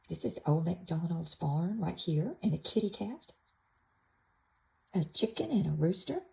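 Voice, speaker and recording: A woman gently showing an activity book to toddlers, naming pictures in a soft, sing-song way. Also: on the low side, creaky, poor audio. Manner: soft, sing-song, with playful animal sounds. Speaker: toddler class teacher. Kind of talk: slow, gentle show-and-tell for toddlers.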